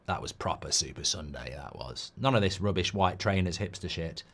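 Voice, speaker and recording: A man's voice: low voice, animated, a little fast, fairly bright tone, breathy edge. A man hosting a live football watchalong, chatting in a rambling way and reading out viewer comments. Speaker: host.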